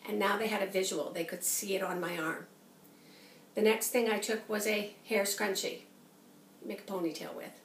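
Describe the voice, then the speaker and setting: A woman teacher explaining a classroom method in a clear, patient way, speaking at times as if to young children. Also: medium pitch, fairly even intonation, normal speed, slight background noise. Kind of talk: teaching demonstration to the camera. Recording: echoey room from a distance.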